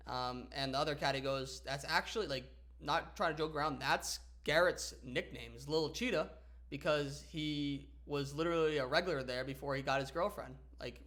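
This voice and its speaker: A man's voice: mid-range voice, steady tone, normal speed, a bit bright. A young man co-hosting a podcast, playfully telling a funny anecdote in casual chat. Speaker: podcast co-host.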